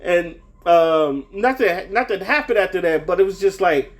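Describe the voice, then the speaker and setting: A young man with a notably high voice tells a casual story straight to the camera. His delivery rambles and circles back on itself, with profanity all through, and he sounds heated. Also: animated, normal speed. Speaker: vlogger.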